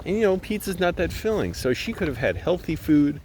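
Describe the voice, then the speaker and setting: A man's voice: a little high, very animated, fairly quick, a little mellow, a little hiss or hum. Chatty man rambling outdoors. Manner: rambling, chatty, laughs at himself. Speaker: vlogger. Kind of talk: casual vlog monologue. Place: outdoors walking around a complex.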